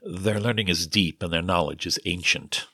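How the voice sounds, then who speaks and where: Earnest messenger, read by a deep-voiced male narrator, businesslike and direct, storybook dialogue. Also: normal speed, pushed and bright, breathy edge, no room sound, studio quality, heavily acted. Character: earnest young man, breathless messenger.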